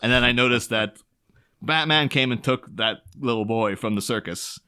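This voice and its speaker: A man co-hosting a comedy podcast, retelling comic scenes in an animated, chatty way. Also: mid-range voice, clean tone. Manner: animated, slips into quick silly voices for quoted characters. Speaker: podcast co-host.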